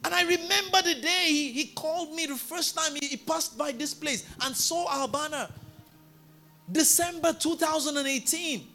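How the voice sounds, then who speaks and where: Male pastor, storytelling sermon; very high, bright, forceful tone, swelling to loud emphatic peaks; faint music behind. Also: moderate pace. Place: church.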